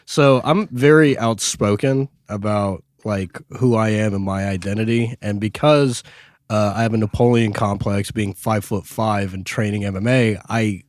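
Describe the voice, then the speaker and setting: A man co-hosting a podcast, telling a story in a casual, animated and self-deprecating way, swearing freely. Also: on the low side, normal speed, no echo, studio quality. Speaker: podcast co-host.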